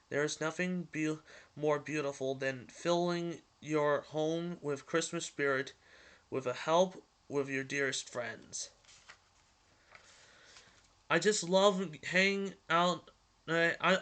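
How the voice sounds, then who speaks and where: A man's voice: on the high side, bright, forceful tone, clear, resonant tone. A man reading the lines of a cheerful male cartoon mouse from a storybook, stumbling and restarting as he goes. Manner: halting read-aloud with stumbles and restarts.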